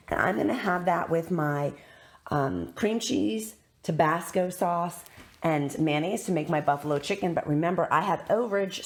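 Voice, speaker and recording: A woman's voice: low-pitched, slightly rough. A woman chatting casually to viewers in an upbeat shopping haul vlog, a little sick. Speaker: vlogger.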